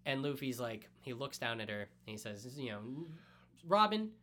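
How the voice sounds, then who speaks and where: A man co-hosting a podcast, excitedly retelling a story in casual chat and swearing freely. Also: mid-range voice, normal speed. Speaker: podcast co-host. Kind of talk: casual anime recap chat.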